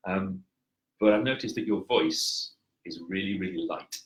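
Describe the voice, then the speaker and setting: A man's voice: deep voice, unhurried, rough recording. A man giving presentation coaching on a video call, explaining things patiently with wry, dry humor. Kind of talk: coaching feedback chat. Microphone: headset.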